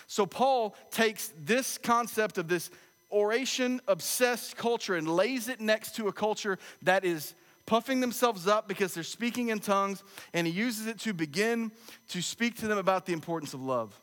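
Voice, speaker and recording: A man's voice: high voice, normal speed, a bit bright. Preaching man in a big echoing hall. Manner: conversational, humorous storytelling preacher. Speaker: pastor. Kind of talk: sermon. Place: church sanctuary. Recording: long echo of a large church hall.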